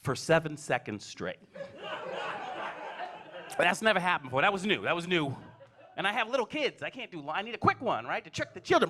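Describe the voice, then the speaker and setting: A man's voice: sits high, very animated, fairly quick, long pauses, sharp tone. A man in his forties doing a stand-up comedy set, telling stories and acting out his kids. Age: 40s. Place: comedy stage before a live audience.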